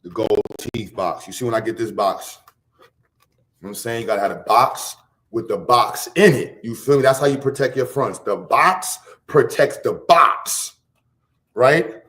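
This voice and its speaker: A man from Harlem, hosting a casual livestream rant full of profane, boastful street slang and loud bursts. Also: mid-range voice, normal speed. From Harlem, New York. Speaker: livestream host.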